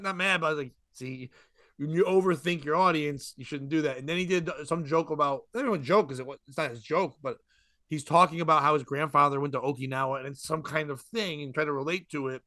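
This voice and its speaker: Man, comedian, rambling casual storytelling, bright tense tone, fairly high voice, dry close sound. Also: no room sound. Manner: rambling, animated, quick asides and laughs. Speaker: podcast co-host, comedian.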